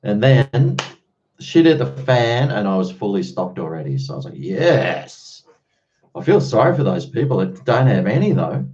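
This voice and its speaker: A man's voice: fairly low pitch, sing-song, moderate pace, dark tone, highs cut off. Blunt Australian man chatting on stream. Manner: blunt, swears freely, chatty. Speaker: live streamer answering chat. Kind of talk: casual live-stream chat.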